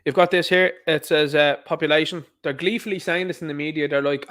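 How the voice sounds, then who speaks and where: A man's voice: fairly high pitch, steady tone, fairly quick, few pauses, a bit bright. A man with an Irish accent delivering an opinionated monologue, emphatic and repetitive, firing off rhetorical questions. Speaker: online commentator.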